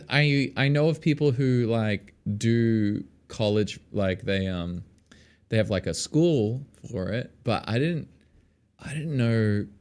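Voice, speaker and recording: A man who teaches guitar online, chatting playfully with viewers during a live feedback session. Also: lowish voice. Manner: playful, chatty, reacts to chat messages. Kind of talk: casual live-stream chat with viewers. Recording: loud guitar music under the voice. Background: loud guitar music.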